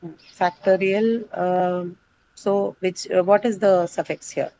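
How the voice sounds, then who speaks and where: A woman's voice: lowish voice, fairly even intonation, takes it slowly, mellow, a little hiss or hum, rough recording. A woman teaching an English class, quizzing and correcting her students on word stress.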